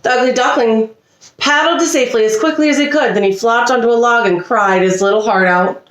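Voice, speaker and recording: A woman reading a children's storybook aloud with expressive delivery and small slips. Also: on the high side, fairly quick, echoey room. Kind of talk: reading a picture book aloud. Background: a child nearby.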